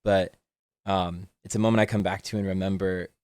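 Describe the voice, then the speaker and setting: A man's voice: deep voice, flat delivery, a little fast, darkish tone, no room sound, clean studio sound. A man co-hosting a casual chat, chiming in with short affirmations.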